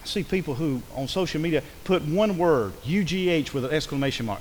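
Man, preacher, church sermon, high lively voice, conversational asides, long reverb. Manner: animated, conversational preaching with quick asides and acted quotes. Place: church sanctuary.

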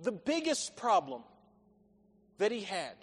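A man's voice: high voice, huge pitch swings, takes it slowly, breathy edge. A man preaching a sermon in an earnest, emphatic way, quoting scripture. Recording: long echoey hall reverb.

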